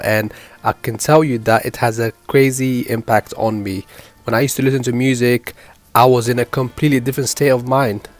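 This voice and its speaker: A man hosting his own channel, giving an earnest, emphatic commentary that breaks down a rapper's story for his viewers. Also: mid-range voice. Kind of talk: reaction commentary.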